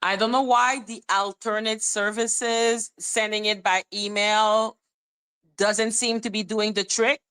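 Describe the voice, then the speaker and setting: Reading court documents on a casual livestream, this host mutters through the text and trades banter with her chat. She speaks slowly with a flat delivery, in a smooth, medium-pitched, slightly bright voice.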